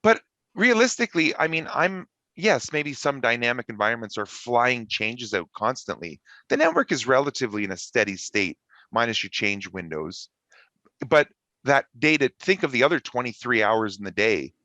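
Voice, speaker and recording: Enthusiastic male interview guest, bright voice, dry close sound. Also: mid-range voice, moderate pace, no echo. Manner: enthusiastic, animated, expansive. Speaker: guest network engineer. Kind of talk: conversational interview.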